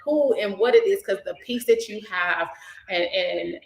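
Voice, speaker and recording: A woman hosting a casual talk for a nonprofit program, animated and effusive, praising and preaching with a lilt. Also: mid-range voice, a little slow, creaky, reverberant, rough recording. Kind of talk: casual chat.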